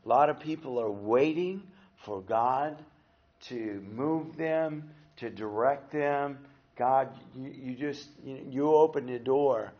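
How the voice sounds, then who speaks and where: A man's voice: medium pitch, slow, muffled recording. A man teaching a church class, telling a story animatedly and acting out the people in it. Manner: animated storyteller who acts out quotes. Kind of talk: storytelling sermon talk.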